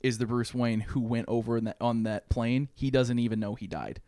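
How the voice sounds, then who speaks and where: Smooth-voiced man rambling through a plot. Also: mid-range voice, normal speed, no echo, clean studio sound. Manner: rambling, animated retelling with frequent swearing. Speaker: podcast co-host. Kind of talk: casual chat, pitching a movie plot.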